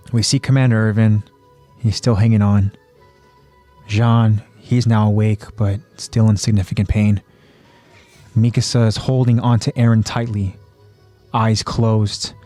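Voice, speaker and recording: A man co-hosting a podcast, recapping an episode in plain storytelling with pauses and fillers. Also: lowish voice, little pitch movement, warm tone, soft background music. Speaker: podcast co-host.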